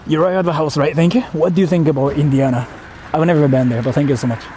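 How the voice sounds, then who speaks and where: A man's voice: fairly high pitch, fairly even intonation, fast talker, mellow, a little hiss or hum. A man streaming live while walking outdoors, chatting casually and rambling between laughs as he reads out viewer donations.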